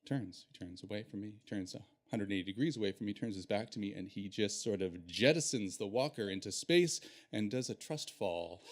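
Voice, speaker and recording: A man telling a personal story on stage in an animated, self-deprecating way. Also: on the low side.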